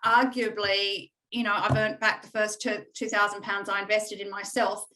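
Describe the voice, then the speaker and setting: A woman's voice: medium pitch, level tone, moderate pace, sharp tone, poor audio. Reflective woman talking with many fillers. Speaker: coaching client. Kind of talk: candid testimonial conversation.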